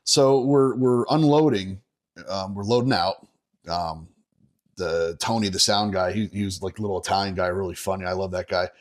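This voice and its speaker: A middle-aged bassist from Northeastern Pennsylvania, guesting on a podcast, tells a rowdy story casually and profanely, often breaking into laughter. He talks at a moderate pace.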